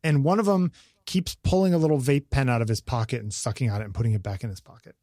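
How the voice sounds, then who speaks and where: A man's voice: medium pitch, fast talker, dry recording, studio quality. A married man co-hosting a podcast, chatting casually and acting out the people in his story. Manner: animated storytelling, acts out quotes. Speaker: podcast co-host. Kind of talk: casual conversation.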